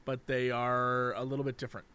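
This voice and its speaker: A man co-hosting a podcast, chatting casually and thinking out loud. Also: medium pitch, completely flat delivery, a little fast, clear, resonant tone. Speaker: podcast co-host. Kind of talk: casual chat.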